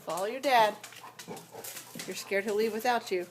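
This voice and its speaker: A woman's voice: mid-range voice, slow, long pauses. A woman filming her dog at home, talking to it in a coaxing, sing-song way. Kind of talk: home video chat with a dog. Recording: noisy home video recording.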